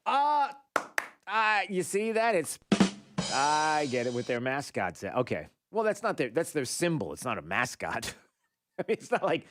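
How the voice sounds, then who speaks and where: Animated rambling talk radio host. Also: male voice, mid-range voice, normal speed, loud music behind the voice. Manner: animated, rambling, lots of fillers and restarts.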